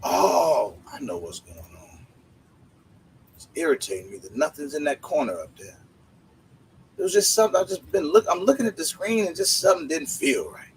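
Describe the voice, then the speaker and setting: A man's voice: high voice, gravelly, husky, low-quality recording. A man hosting a casual livestream, greeting viewers by name in laid-back slang. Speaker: livestream host.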